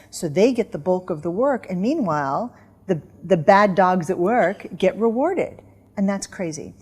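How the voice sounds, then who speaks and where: A middle-aged woman, a guest author in an interview, telling lively stories and acting out commands. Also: medium pitch, normal speed, husky. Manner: animated storyteller, acts out dog commands. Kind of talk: casual interview chat.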